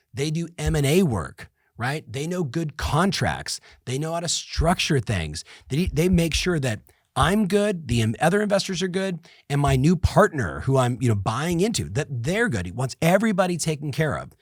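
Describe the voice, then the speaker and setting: A middle-aged man hosting a podcast, giving an energetic motivational business talk that repeats points and speaks straight to listeners. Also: medium pitch, breathy edge, dry recording, studio quality. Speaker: podcast host and business coach.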